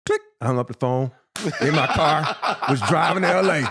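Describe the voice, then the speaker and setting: A man in his fifties, a former pro athlete, tells stories in a casual interview with lively, profane energy. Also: a little high, normal speed, slightly rough. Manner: animated, profane storytelling, acting out quotes with laughter. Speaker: interview guest, former pro basketball player. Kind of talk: casual storytelling in a podcast sit-down.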